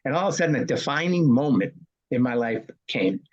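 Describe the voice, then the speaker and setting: A man in his sixties gives a punchy, storytelling interview and answers his own questions. His voice is husky and mid-pitched, and the audio is muffled and lo-fi. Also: expressive, brisk. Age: 60s. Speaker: guest.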